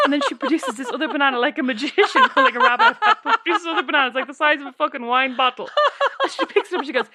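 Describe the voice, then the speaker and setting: A woman's voice: sits high, very fast. A woman, co-hosting a podcast and telling funny anecdotes in a casual chat. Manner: animated storytelling, laughing through anecdotes. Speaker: podcast co-host.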